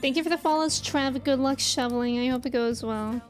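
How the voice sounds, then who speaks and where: A woman's voice: high-pitched, a little fast, soft background music. A young woman streaming a video game, chatting casually, reading chat aloud and thanking viewers. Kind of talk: casual livestream chat while playing a game.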